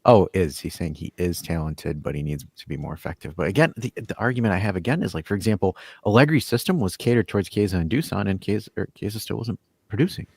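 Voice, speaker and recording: A man's voice: low voice, fast talker, darkish tone, husky, no echo. A man hosting a casual call-in sports podcast, reading viewer comments and arguing his point with lots of stammered restarts. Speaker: host.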